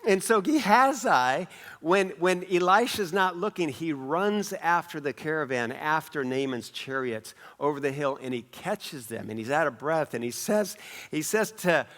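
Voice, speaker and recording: A male pastor preaching a sermon in a church, with strong swings in pitch and volume and phrases repeated for emphasis. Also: expressive, unhurried, fairly bright tone.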